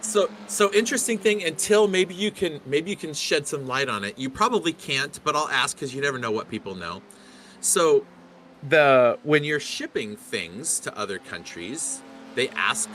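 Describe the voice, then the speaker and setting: Middle-aged guy calling a sim race, bright forceful voice, rambly and chatty, bit of hiss. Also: mid-range voice, lively intonation, normal speed. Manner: chatty, rambling, laughs often. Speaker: race commentator. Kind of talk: sim racing commentary.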